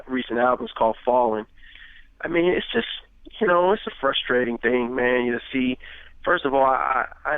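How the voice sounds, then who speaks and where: A man's voice: medium pitch, dry recording. Brief: male rapper, 30s, loose talk full of fillers, dry, lo-fi phone-band sound. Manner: animated, acts out quoted dialogue, many fillers. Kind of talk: casual interview talk. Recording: tinny phone-like radio sound.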